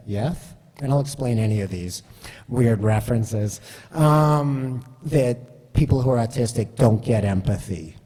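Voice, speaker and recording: A man giving a chatty, animated, self-deprecating storytelling talk. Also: mid-range voice, breathy edge, long reverb tail. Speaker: speaker.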